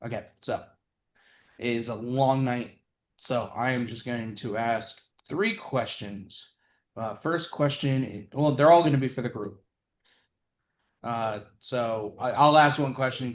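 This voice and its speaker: A man hosting an online competition in an easy, chatty way. He hesitates and corrects himself as he goes, with a voice of middle pitch. He sounds unhurried and informal. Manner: relaxed, chatty, hesitant with fillers. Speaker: host of an online game show. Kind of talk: casual hosting on a call.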